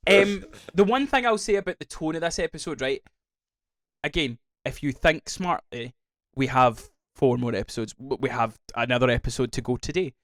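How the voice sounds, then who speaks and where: A man's voice: medium pitch, normal speed, no echo. Chatty Scottish man, dry close sound. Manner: rambling, animated, swears freely. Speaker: podcast co-host. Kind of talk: casual chat.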